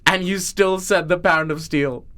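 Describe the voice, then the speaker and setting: A man co-hosting a podcast, slowly spinning an improvised silly story with playful laughs. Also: high-pitched, fairly even intonation, pushed and bright. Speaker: podcast co-host.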